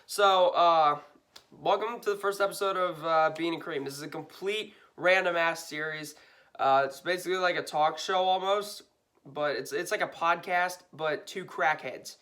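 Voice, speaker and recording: A man's voice: on the high side, normal speed, bright, forceful tone. A man co-hosting a casual podcast with his brother, laughing, swearing and rambling with fillers. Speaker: podcast co-host. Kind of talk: casual chat.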